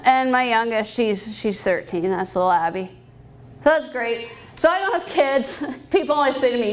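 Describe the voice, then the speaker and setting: A Canadian woman in her thirties, a private pilot, speaks as a guest at a fundraising banquet in a banquet hall. Her voice is fairly high and expressive at a moderate pace, and she laughs often through a candid, upbeat personal talk. The audio quality is poor.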